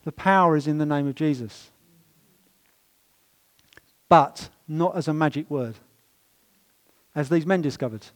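A man's voice: fairly high pitch, a little slow, pauses often. Emphatic preacher, man. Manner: storytelling, emphatic preaching with swings in loudness. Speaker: pastor. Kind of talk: sermon. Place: church.

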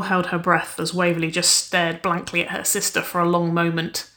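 A woman narrating a story aloud in a steady, even storytelling manner. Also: on the low side, moderate pace, hardly any pauses. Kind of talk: audiobook reading of fan fiction.

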